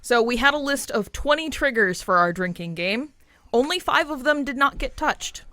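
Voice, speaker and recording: Bright giggly woman chatting with friends. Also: high-pitched, lively intonation, normal speed, no echo. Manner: giggly, reads a list with many ums and uhs. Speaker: tabletop game podcast cast member. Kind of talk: casual laughing chat between players.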